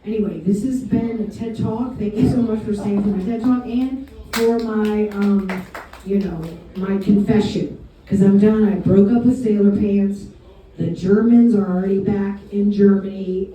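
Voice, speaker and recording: A woman's voice: medium pitch, dark tone, very echoey, distant mic, rough recording. A woman doing a bawdy, confessional stand-up set in a pizza restaurant, laughing at her own jokes. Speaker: stand-up comedian. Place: pizza restaurant comedy night.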